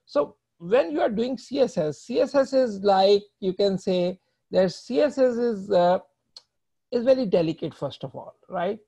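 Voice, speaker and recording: A man's voice: high voice, animated, measured pace, creaky, mellow, slightly rough. A man giving a live coding lecture, explaining patiently as he types and tagging many phrases with "right?". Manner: talks while typing code, ends phrases with "right?"; explains patiently and checks in with students. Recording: muffled lo-fi audio.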